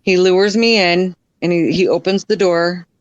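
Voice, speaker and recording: A woman appears as a podcast guest telling candid personal stories, frank and blunt, in plain, unpolished sentences full of fillers. Her lowish voice has fairly even intonation, and the recording is dry, close, and dull, with no room sound. When she acts out other people's lines, her voice jumps up in quick shifts.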